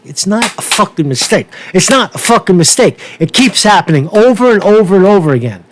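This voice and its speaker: A man's voice: sits high, big pitch swings, a little fast, few pauses. A man ranting angrily about politics, swearing often and repeating himself. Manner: profane, heated, repeats himself. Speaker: political commentary vlogger. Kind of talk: angry political rant.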